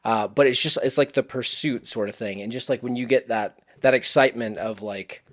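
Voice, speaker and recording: Male guest, 30s to 40s, mid pitch, laid-back, descriptive talker. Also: a little fast. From US Gulf Coast, Florida Panhandle. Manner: relaxed, vivid describer, easygoing. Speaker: podcast guest, missionary and worship leader. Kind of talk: casual conversational interview.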